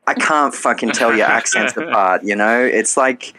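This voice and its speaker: A man's voice: medium pitch, moderate pace, pushed and bright, a little hiss or hum. A man co-hosting a podcast, casual chat full of swearing and teasing. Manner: swearing, teasing, laughs often. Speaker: podcast co-host.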